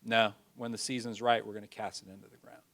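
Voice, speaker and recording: A man's voice: on the low side, flat delivery, fast, gravelly, a bit bright. A man playing a desperate struggling farmer within a sermon, crying out to God in anguish.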